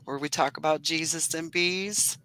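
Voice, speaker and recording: A woman's voice: low voice, fairly even intonation, normal speed, pushed and bright, low-quality recording. A woman beekeeper talking earnestly and chattily on a video call, laughing often as she tells her story. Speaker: beekeeper guest. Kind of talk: casual video-call interview.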